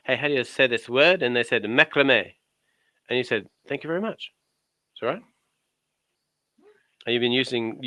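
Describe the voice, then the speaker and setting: Male guest, joking storyteller, sharp bright tone. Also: medium pitch, clean tone, no echo. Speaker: guest on his wife's craft channel. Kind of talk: casual chat.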